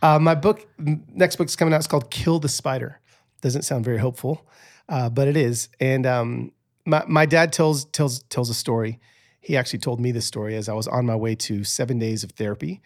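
A man's voice: medium pitch, fairly quick. Chatty storytelling man. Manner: animated, chatty storyteller with many restarts. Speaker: podcast guest, author and speaker. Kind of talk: casual storytelling interview.

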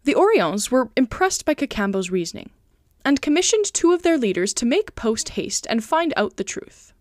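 Woman reading a classic story aloud, lively. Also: on the high side, moderate pace, no room sound, studio quality. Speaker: podcast reader.

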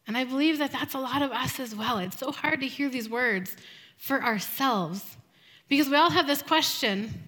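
Soft-spoken earnest woman, high and bright. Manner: soft, slow, earnest, with reflective pauses. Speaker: women's group speaker. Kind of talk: devotional talk.

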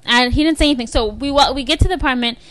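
Bright animated young woman telling stories. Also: high-pitched, racing. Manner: animated storyteller, acts out quotes, laughs a lot. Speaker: podcast co-host. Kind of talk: casual chat, storytelling.

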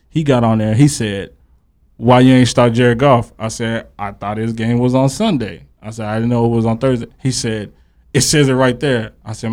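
A man hosting a casual podcast spins a long story, animatedly voicing both sides of an argument. His voice sits in an ordinary middle pitch. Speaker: podcast host.

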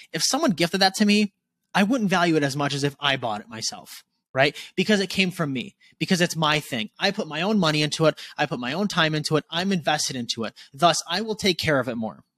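A man's voice: fairly high pitch, no room sound. Candid, swearing young man in his twenties. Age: 20s. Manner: candid, swears often, animated. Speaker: podcast guest. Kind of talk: casual podcast conversation.

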